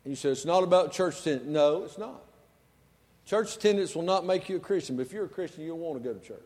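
A man preaching a sermon in a church, folksy and conversational, swinging between quiet asides and loud emphasis. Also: fairly high pitch, lively intonation, fast, in a large hall. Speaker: pastor. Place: church sanctuary.

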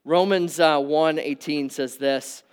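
Man preaching, smooth tenor. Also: fairly high pitch, fairly even intonation, slow pace. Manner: conversational preaching, rising to emphatic peaks and dropping to quiet asides. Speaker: pastor. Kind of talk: sermon. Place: church hall with audience.

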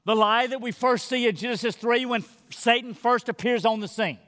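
A man preaching a sermon as pastor, earnest and emphatic, often dropping to a soft near-whisper. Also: very high-pitched, moderate pace, hardly any pauses, in a large hall.

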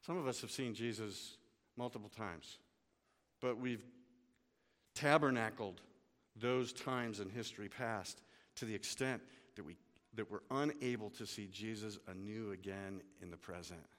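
A man's voice: fairly low pitch, a little slow. Preacher man in a reverberant hall. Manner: dramatic swings from hushed to loud. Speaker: pastor. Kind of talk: sermon.

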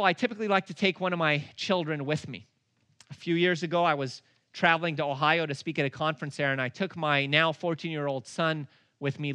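Man, middle-aged preacher, bright and punchy tone, acts out dialogue and stretches key words, dry close sound. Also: a little high, dry recording. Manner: animated, acts out dialogue in his stories; slows down and leans on words for emphasis. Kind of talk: storytelling sermon.

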